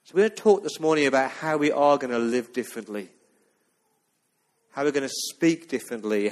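Earnest male preacher in a reverberant hall. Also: medium pitch. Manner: earnest, emphatic preaching with scripture reading. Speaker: pastor. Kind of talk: sermon. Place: church.

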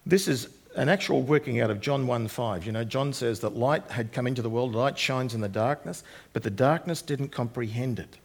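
A man's voice: medium pitch, normal speed. A man preaching a sermon that works through a passage of scripture, retelling the verses in plain everyday speech. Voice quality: gravelly, husky.

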